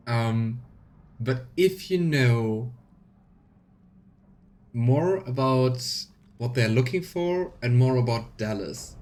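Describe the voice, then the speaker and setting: A man's voice: mid-range voice, darkish tone. Man, let's play host, casual commentary, chatty, faint background noise. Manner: chatty, reads game text aloud with playful voices.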